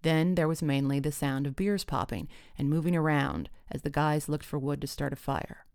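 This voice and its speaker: A woman telling a comic personal story with wry, deadpan timing. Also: low-pitched, normal speed, gravelly, smooth, dry recording, clean studio sound.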